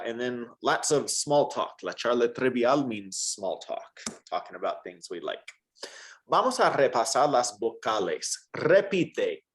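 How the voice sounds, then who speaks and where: A man teaching a one-on-one Spanish lesson, patient and encouraging, modeling words for the student to repeat. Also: mid-range voice.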